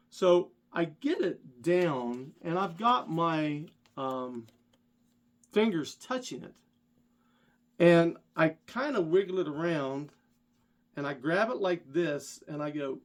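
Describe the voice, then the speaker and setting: Guy rambling thru a funny story, kinda high voice, pokes fun at himself. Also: unhurried. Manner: rambling, animated, self-deprecating. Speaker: vlogger. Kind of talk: casual storytelling.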